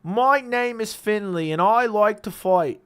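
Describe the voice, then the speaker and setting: A man putting on an Irish accent to voice a cocky young male brawler, in a slow, drawn-out, exaggerated way. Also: high voice, a bit bright, clear, resonant tone, pitched above the performer's own voice. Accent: put-on Irish.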